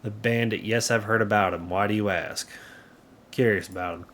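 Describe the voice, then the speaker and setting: A man's voice: fairly low pitch, a little fast, sharp tone, a little hiss or hum. A man reading as a grieving frontier mother. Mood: wistful.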